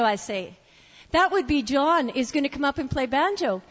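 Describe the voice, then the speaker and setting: A woman's voice: sits high, animated, moderate pace, in a large hall, a little hiss or hum. A woman singer-songwriter hosting a live music night, chatting from the stage between songs with restarts and asides. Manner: chatty, warm-hearted stage patter with restarts. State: tearing up. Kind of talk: live singing and stage banter. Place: small live music venue. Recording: dull lo-fi live recording with guitar. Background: acoustic guitar.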